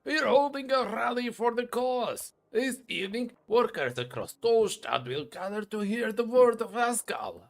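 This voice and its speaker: A man voicing a gruff, blustering male dwarf foreman in a video game, talking in an indignant, shouting manner. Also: very high voice, expressive, pitched above the performer's own voice, exaggerated voice. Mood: defiant. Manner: indignant, shouting, drawn-out exclamations.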